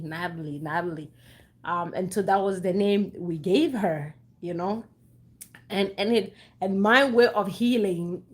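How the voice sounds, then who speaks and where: A young adult woman speaking earnestly and emotionally to her listeners, repeating phrases and restarting sentences as she shares a personal story. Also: mid-range voice. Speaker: host sharing a personal story. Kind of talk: heartfelt personal talk to listeners.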